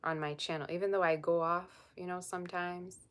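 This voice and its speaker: A woman's voice: fairly low pitch, steady tone, a little fast. A woman tarot reader chatting on a live stream, blunt and sassy as she reads and answers viewer comments. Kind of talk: casual live-stream chat.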